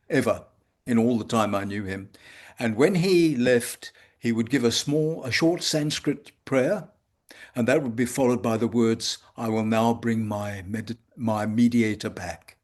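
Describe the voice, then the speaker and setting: Older male homeopath, mid-pitched, measured and hesitant, reflective talk. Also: animated, darkish tone. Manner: measured, halting with frequent pauses. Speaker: homeopath guest. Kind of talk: reflective conversation. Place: home consulting room.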